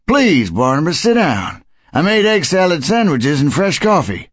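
A kind old grandpa, voiced by a male narrator talks gently and warmly to guests and pets, his voice lifting with lively ups and downs. The storybook read is dry and near the mic. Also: a little high, normal speed, breathy edge, no room sound, voice pushed up, heavily acted. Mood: kindly. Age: older. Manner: gentle, welcoming. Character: kindly hospitable grandfather who keeps animals. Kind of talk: audiobook character voice.

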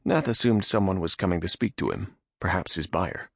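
A man narrating a fantasy audiobook with lively storytelling delivery. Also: deep voice, brisk, vocal fry, slightly rough, no echo, studio quality.

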